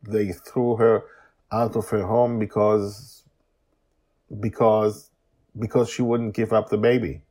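Brief: man reading an urgent, caring woman, pitched up. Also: level tone, slow, long pauses, a little mellow. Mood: upset.

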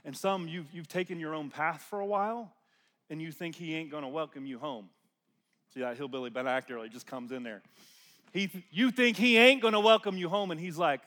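A man preaching a sermon in church. He moves between loud proclaiming and hushed, almost whispered lines, repeats phrases, and leads the congregation in call-and-response. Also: on the high side, fairly quick, big-room sound.

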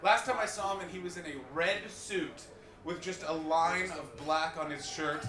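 A Canadian man doing loud, swearing stand-up crowd work as the host of a live podcast show. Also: a little high, fairly even intonation, moderate pace. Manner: loud, swearing, riffing with the audience. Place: small live comedy venue. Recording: roomy live room, distant mic, audience. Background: audience laughter.

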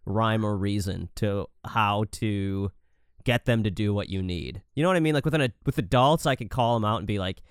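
A man co-hosting a podcast in casual chat, animated and profane, acting out quotes as he talks about directing. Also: fairly low pitch, normal speed, smooth, no echo, studio quality. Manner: animated, swears a lot, acts out quotes.

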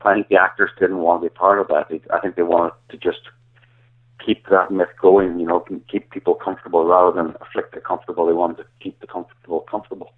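A man's voice: low-pitched, level tone, fast. A man with an Irish accent, a guest calling in to an interview, talking earnestly and often stumbling and repeating words. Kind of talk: phone-in interview. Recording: tinny phone line.

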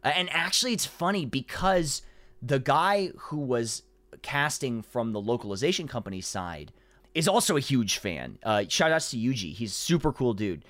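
A man's voice: medium pitch, normal speed, dry recording. A man, a voice actor, chatting casually as an interview guest, telling a story with lots of fillers and acted-out quotes. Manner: animated storyteller, acts out quotes, frequent "you know" fillers.

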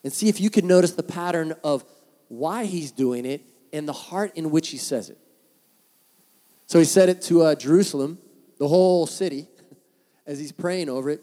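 A man preaching a sermon as the pastor, telling stories in an animated way and acting out the voices of people he quotes. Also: fairly high pitch, moderate pace.

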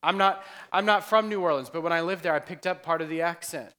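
A male pastor preaches a loose, conversational sermon full of humorous asides, laughing often along with his congregation. His bright, forceful, clear and resonant voice sits a little high and moves at a quick pace. The long reverb of a church sanctuary rings around him.

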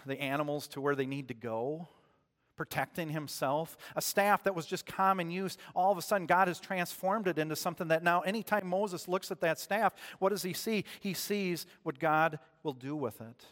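A man's voice: fairly high pitch, moderate pace, a bit bright. Man preaching a sermon with long reverb. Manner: conversational storytelling, asks the congregation questions. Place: church.

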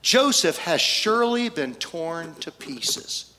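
A male pastor voicing an old biblical father who grieves for his son, slow and solemn. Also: on the high side, big pitch swings, sharp tone, big-room sound, full character voice. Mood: grieving. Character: grieving old patriarch, heartbroken.

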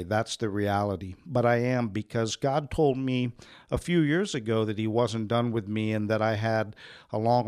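A man, a pastor and radio host, giving an earnest personal testimony with humorous asides in a radio studio. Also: medium pitch.

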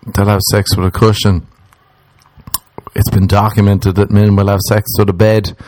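Young male comic, low-pitched, crude and rambling, dry close sound. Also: darkish tone, no echo. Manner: rambling, crude, self-mocking; swings into mock voices for quoted people. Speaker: comedian. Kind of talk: stand-up style comic monologue.

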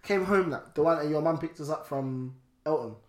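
A man's voice: a little high, fairly quick. A young man, telling drunk stories in casual chat with friends, laughing and mimicking them. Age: young adult. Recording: roomy with crowd chatter.

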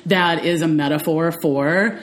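A woman in casual conversation on a podcast, telling stories in an animated, chatty way with plenty of fillers. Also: low-pitched, measured pace. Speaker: podcast co-host. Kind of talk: casual chat.

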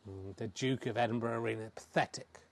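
A man's voice: medium pitch, steady tone, brisk, vocal fry, pitched below the performer's own voice, close to an everyday voice. A man voicing a pompous royalist commentator who scolds indignantly and stumbles over titles.

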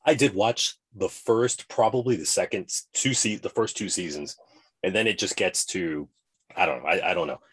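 A man with a deep, husky voice co-hosts a casual podcast. He rambles happily from one tangent to the next, playful and chatty. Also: normal speed, a bit bright. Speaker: podcast co-host.

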